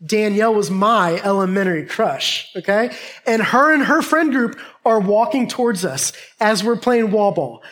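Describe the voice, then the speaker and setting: A man's voice: high voice, expressive, normal speed, fairly bright tone. A man delivering a sermon through a personal childhood story. He tells it with humor and animation, talking straight to the congregation. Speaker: pastor.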